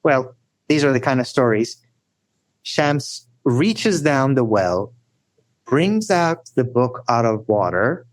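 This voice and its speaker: A man telling stories as a guest scholar in a podcast interview, animated and often adding "right?". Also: takes it slowly, no room sound. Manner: animated storyteller, rising high for emphasis; frequent "right?" tags.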